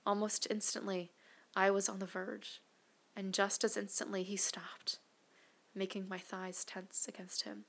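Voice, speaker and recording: A woman narrating an erotic audio story, mostly in a hushed, breathy whisper. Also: medium pitch, level tone, unhurried. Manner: hushed, breathy, intimate delivery.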